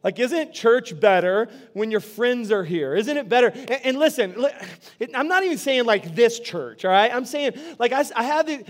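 A man, a pastor giving playful, joking announcements to his church. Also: very high-pitched. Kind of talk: sermon announcements. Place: church sanctuary.

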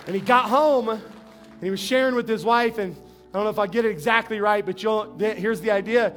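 A man, a pastor from New Mexico, preaching a conversational sermon, often repeating and restarting words and slowing down to an earnest tone. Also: high-pitched, a bit bright, soft background music.

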